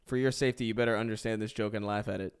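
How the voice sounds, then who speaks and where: A man with a smooth, resonant voice, chatting casually among friends. He rambles, laughs along, and builds out absurd what-if scenarios. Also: lowish voice, steady tone, very fast. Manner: rambling, laughing, spins wild hypotheticals.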